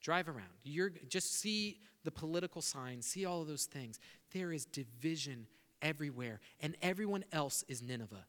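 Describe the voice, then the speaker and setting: Pastor, male, high bright voice, animated sermon delivery, reverberant church hall. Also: moderate pace. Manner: animated preaching, acts out prayers to God.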